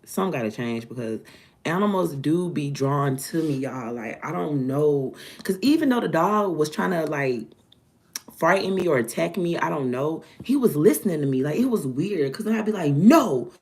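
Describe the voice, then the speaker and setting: A woman, telling a story to her viewers in an animated, dramatic way. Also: low voice, moderate pace. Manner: animated, dramatic retelling with acted-out quotes. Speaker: vlogger.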